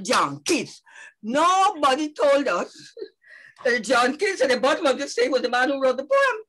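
An older woman, reminiscing as a guest speaker on a video call, lively and playful with a rhythmic way of recounting. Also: high voice, unhurried, low-quality recording. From Guyana. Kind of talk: casual reminiscing.

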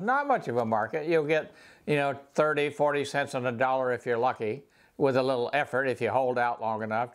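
An older man with a Southern accent giving a rambling, folksy tour of his home garage workshop, pausing often with "uh". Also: medium pitch, fairly bright tone. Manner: rambling, folksy, many "uh" pauses. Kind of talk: casual tool tour.

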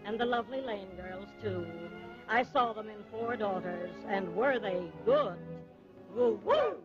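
An actress playing a perky head waitress who speaks in rhyming verse. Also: female voice, medium pitch, expressive, measured pace, lightly acted. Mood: chirpy. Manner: chatty, gushing. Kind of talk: rhythmic spoken verse over music. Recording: dull old film soundtrack with loud music.

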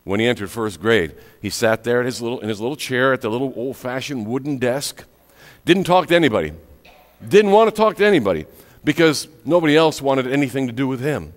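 Male pastor telling a story in his sermon, really animated, dramatic pauses, echoey church hall. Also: mid-range voice. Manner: dramatic pauses, whispery drops on key words. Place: church sanctuary.

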